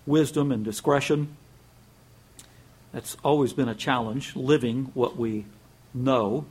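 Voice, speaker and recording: A man's voice: mid-range voice, a little mellow, husky. A man preaching a sermon in a conversational way, telling a joke, chuckling and repeating words as he goes.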